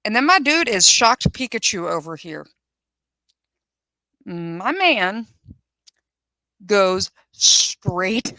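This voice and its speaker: A woman hosts a live firearms channel, offering casual, blunt, sarcastic commentary, swearing freely and chatting as she reads viewers' comments aloud and answers them. Her voice is lowish, bright, and forceful, and the rough recording has no room sound.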